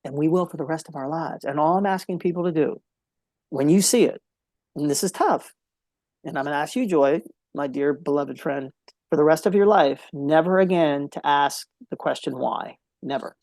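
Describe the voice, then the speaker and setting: A man's voice: on the high side, moderate pace, darkish tone, dry recording. A man speaking as a podcast guest, telling a heartfelt story in an earnest way and repeating key phrases for emphasis.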